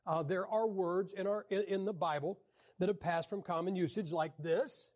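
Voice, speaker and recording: A man teaching a class on the Bible in a wry, joking lecture style, often clearing his throat. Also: sits high, steady tone, normal speed, darkish tone.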